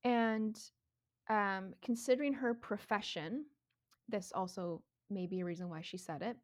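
A woman in her thirties telling a story in casual chat, animated, swearing freely and laughing often. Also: medium pitch, unhurried. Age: 30s.

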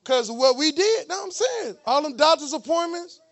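A man preaching a lively sermon in church, with joking, mocking asides to the congregation. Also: very high voice, brisk, gravelly. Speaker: pastor.

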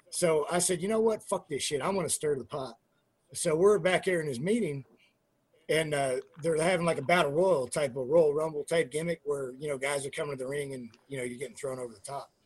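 Profane high-voiced storyteller, husky. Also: male voice, brisk. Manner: profane, animated storyteller, acts out quotes; trailing fillers and restarts. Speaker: interview guest, former pro wrestler. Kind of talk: casual storytelling.

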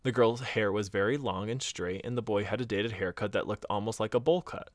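A man's voice: fairly low pitch, a little fast, no echo, clean studio sound. A man casually retelling a scary story on a podcast, acting out the quotes and swearing now and then. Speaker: podcast co-host.

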